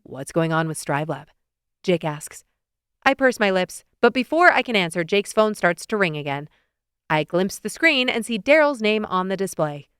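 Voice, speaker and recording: Expressive woman narrating a romance audiobook. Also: mid-range voice, clean tone, no room sound, studio quality. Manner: lively, expressive, quick to rise into excited questions. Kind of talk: first-person romance narration.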